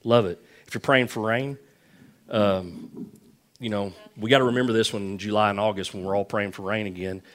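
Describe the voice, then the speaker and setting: A man's voice: on the low side, fairly even intonation, moderate pace, fairly bright tone. A middle-aged man preaching a sermon, telling folksy stories with lots of repetition. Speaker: pastor.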